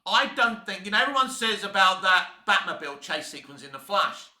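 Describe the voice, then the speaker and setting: Cockney bloke ranting on his channel, high sharp voice, echoey room, swears a lot. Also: animated, a little fast. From England. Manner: blunt, heated, swears freely. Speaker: YouTube film commentator. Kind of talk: opinionated commentary rant.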